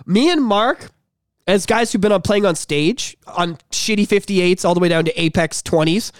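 Excitable, profane man with a lively voice. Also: high voice, moderate pace, smooth, no echo, studio quality. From Canada. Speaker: podcast co-host. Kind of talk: casual chat.

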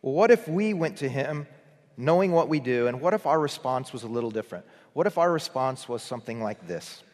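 A man's voice: medium pitch, expressive, fairly quick. Earnest male preacher in a reverberant hall. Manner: earnest, swells for emphasis then drops to a hush. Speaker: pastor. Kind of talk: sermon.

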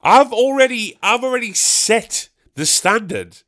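Here a man with a very high, fairly bright voice hosts a podcast, speaking in an animated but slightly slow way. He spins a rambling, profanity-laced comic tale, asking himself questions and answering them in turn.

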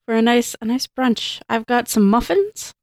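A woman's voice: on the high side, expressive, normal speed, darkish tone, no room sound, clean studio sound. A woman hosting a casual chat and leading the segments in a chatty way. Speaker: podcast host.

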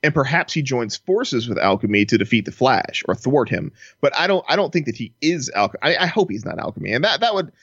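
Lively man on a dull, dry line. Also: medium pitch, slightly rough, dry recording. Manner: expressive, jokey, slows down to reason things out. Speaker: podcast co-host. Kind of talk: casual chat. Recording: slightly dull lo-fi sound.

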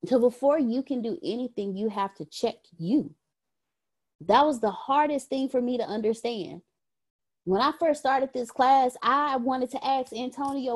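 A woman's voice: high-pitched, unhurried. A woman facilitating a leadership class call, talking earnestly about gratitude, often repeating words. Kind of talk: motivational talk. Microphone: phone or video call.

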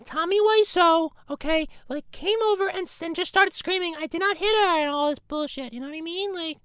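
A woman's voice: extremely high pitch, fairly quick, fairly bright tone, no room sound, studio quality. A woman playing a vague young man in an improvised comedy bit, mumbling and full of "like" and "you know". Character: aimless young man denying blame. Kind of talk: improvised comedy role-play.

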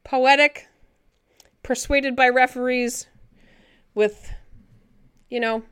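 A woman's voice: a little high, fairly bright tone, clean tone, no room sound, clean studio sound. A young woman chatting casually on a live stream from her living room, answering viewers and swearing now and then. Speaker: livestream host.

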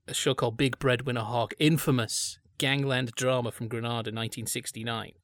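Man, podcast co-host, discursive, mid pitch, close dry mic. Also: fairly bright tone, no echo. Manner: thoughtful, discursive, digressive.

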